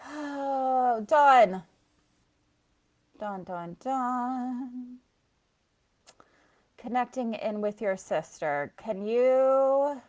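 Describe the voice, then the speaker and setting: Very slow and pausing often, her slightly high voice has lively intonation and a darkish tone. As a psychic reader and soul coach on a casual live stream, she rambles, laughs a lot, and responds to viewers by name.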